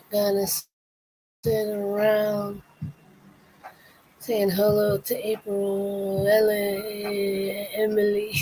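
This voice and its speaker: A woman on a laid-back livestream, drawling very slowly through rambling, rhyming greetings to her chat. Her voice is husky and mellow, with faint music playing behind her. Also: medium pitch, completely flat delivery, low-quality recording. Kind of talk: casual livestream chat with viewers.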